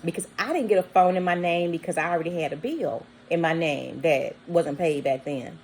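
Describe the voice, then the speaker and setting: Woman, low-pitched storyteller vlogging casually, animated retelling, slight background noise. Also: normal speed, low-quality recording. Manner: animated, acts out quoted voices with bleeped words.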